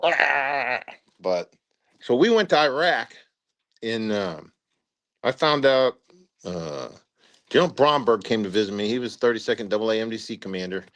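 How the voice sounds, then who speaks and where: Older male, retired officer, casual storyteller, middle pitch, filler-heavy, acts out the quotes. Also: expressive, normal speed, long pauses, fairly bright tone. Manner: rambling anecdotes with acted-out quotes and many "uh" fillers. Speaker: retired brigadier general telling war stories.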